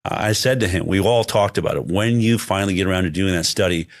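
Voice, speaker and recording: Man with a very low voice, interview guest, emphatic, restarts his sentences often. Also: quick pace, no echo, studio quality. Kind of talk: conversational interview talk.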